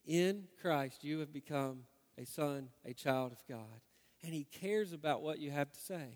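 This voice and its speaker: A middle-aged man preaching a sermon and leading a prayer, earnest, swinging from loud urging to hushed prayer. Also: fairly high pitch. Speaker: pastor. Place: church hall. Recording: long hall reverb.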